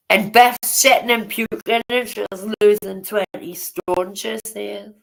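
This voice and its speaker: A woman's voice: mid-range voice, steady tone, slow pace, creaky, fairly bright tone, poor audio. A woman chatting casually on a livestream, blunt and swearing freely as she greets viewers by name. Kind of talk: casual live-stream chat with viewers.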